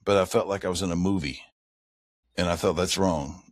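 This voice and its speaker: Deep-voiced man telling a rambling story. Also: steady tone, fast talker, no echo, clean studio sound. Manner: rambling, imitates owl hoots in stories. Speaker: guest, father of co-guest. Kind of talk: casual storytelling interview.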